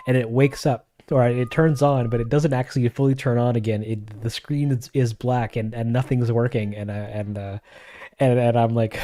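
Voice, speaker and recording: A man's voice: mid-range voice, fairly even intonation, a little fast, warm tone, dry recording. Rambling man telling a story. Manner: rambling, many restarts and asides, acted-out quotes. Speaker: animator on his own livestream. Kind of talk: casual storytelling commentary.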